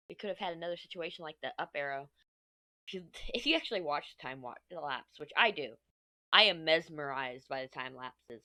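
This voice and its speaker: A woman's voice: lowish voice, pushed and bright, dry recording. A woman in her thirties from Texas with a mixed Texan and New York accent, chatting casually while crafting. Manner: chatty, rambling, swears casually. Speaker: crafting vlogger. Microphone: mic at desk.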